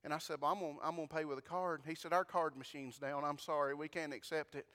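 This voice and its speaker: A man's voice: on the high side, steady tone, fast talker, a bit bright. A man preaching a sermon, telling a folksy story and talking straight to his congregation. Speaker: pastor. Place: church. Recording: long church reverb.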